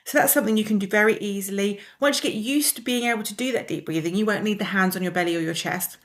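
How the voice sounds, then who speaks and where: A woman teaching a wellness lesson, calmly and gently guiding the listener through breathing exercises. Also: mid-range voice. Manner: calm, gently instructive, slows down to guide exercises.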